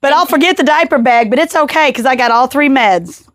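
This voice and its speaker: A woman's voice: sits high, fairly quick, fairly bright tone, no echo, clean studio sound. A woman hosting a podcast, talking earnestly and with emphasis as she shares her own experience. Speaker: podcast host. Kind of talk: casual interview chat.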